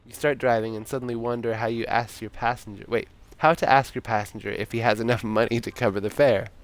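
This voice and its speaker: A man's voice: mid-range voice, fast. A man streaming a story game, reading its text aloud and chatting casually with viewers in between. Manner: relaxed reading broken by chatty comments to viewers.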